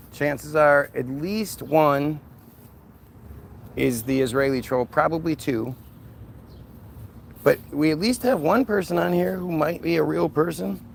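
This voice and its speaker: A man's voice: on the high side, gravelly, a little hiss or hum. A man hosting a solo livestream, talking in a combative, sarcastic way to a rival and his viewers. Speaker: livestream host.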